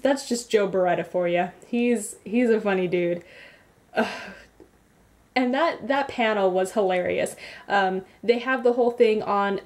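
A young woman vlogging, telling a rambling story with frequent giggles. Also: mid-range voice. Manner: rambly, giggly, animated retelling. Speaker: beauty vlogger. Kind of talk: casual vlog recap.

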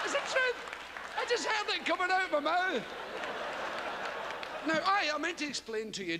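High, lively Scottish older man on stage. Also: noisy background. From Scotland. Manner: rambling, profane, bursts into high mocking voices. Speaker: stand-up comedian. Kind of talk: stand-up comedy routine. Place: large theatre stage. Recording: live theatre recording with hall reverb. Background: audience laughter.

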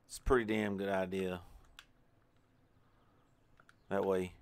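Male let's-play host, lowish voice, rambling casual self-talk over gameplay. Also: little pitch movement, slow pace, creaky, a little mellow. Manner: chatty, talks to himself while playing. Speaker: gaming channel host.

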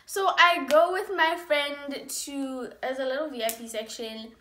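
A young woman vlogger telling a storytime tale in a casual, animated way, acting out her own lines. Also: sits high, normal speed, few pauses, reverberant. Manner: animated, acts out dialogue with big swings in loudness.

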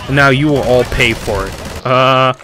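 A man giving loud, excitable commentary while playing a video game, often yelling and repeating himself in panic. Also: medium pitch, unhurried, noisy background. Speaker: gamer. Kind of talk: let's play commentary. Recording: game music behind voice.

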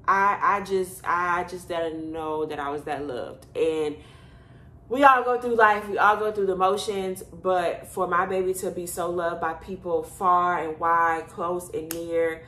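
With a fairly low, pushed, bright voice, fairly even intonation, and a slightly slow pace, a Houston, Texas woman chats to camera from her bedroom apartment. As a vlogger, she tells stories full of fillers, and the sound is reverberant.

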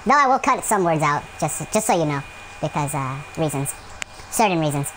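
A man's voice: a little high, moderate pace, noisy background. A man giving gameplay commentary at home, rambling with many fillers and breaking into yelps and rants at the game. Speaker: gaming channel host.

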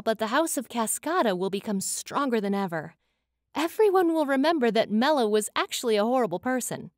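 A woman narrator playing a scheming young fae woman, all smooth and coaxing as she talks someone round. Her voice lifts a little higher and hurries along. The read is dry and close, with no room around it. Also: no echo.

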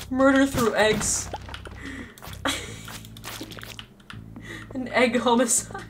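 A woman's voice: high voice, drawn-out words, background noise. A young woman streaming live, chatting casually with her viewers, giggling and exclaiming a lot. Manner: giggly, bursts into laughter often; excitable, frequent exclamations. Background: faint background music.

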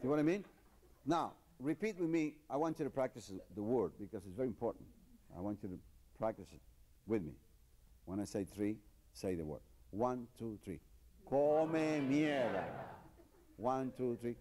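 A man doing stand-up as a mock language lesson, with deadpan teacherly drills and slow, exaggerated pronunciation. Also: mid-range voice. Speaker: comedian. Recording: noisy live comedy recording.

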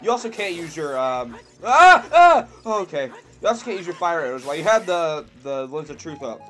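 A young man giving casual commentary while playing a video game. He jokes, rambles with fillers, and breaks into loud yelps and screams at scares. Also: a little high, quick pace, soft background music. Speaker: let's play commentator. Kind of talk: gameplay commentary.

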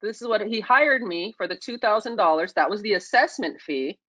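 A woman speaking on a video call, telling a personal story with lively acted-out dialogue. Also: mid-range voice, fairly quick, no room sound, poor audio. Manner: animated, acts out her own and others' lines. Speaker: featured speaker.

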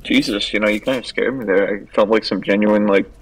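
A man's voice: lowish voice, fairly even intonation, fairly quick, rough recording. A young man chatting as a guest during a gameplay session, teasing his co-host with dry jokes. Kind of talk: casual gameplay banter.

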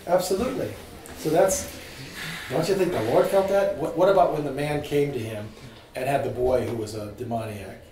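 Animated man teaching scripture in a distant, echoey room. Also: medium pitch, fairly quick. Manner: animated, asks the group questions. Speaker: priest teaching a catechism class. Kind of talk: informal Bible teaching to a small group.

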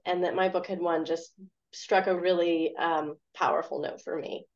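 A woman author giving an earnest, hesitant answer on a video call, with many pauses and fillers. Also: fairly low pitch, steady tone, muffled recording. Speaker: award-winning author.

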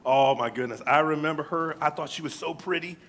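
A man preaching a sermon, telling a story earnestly and then leading a hushed, reverent prayer. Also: fairly high pitch, fairly quick. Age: adult, old enough to have grown up past second grade. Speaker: pastor. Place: church service. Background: soft guitar music.

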